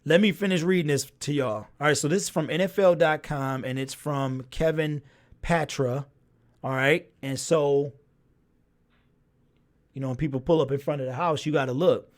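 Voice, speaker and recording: A man with a fairly high voice hosts a casual sports talk livestream. He reads viewer comments aloud and reacts to them with lots of fillers and repeated phrases. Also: normal speed. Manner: animated, reacts to chat, frequent fillers and repeats.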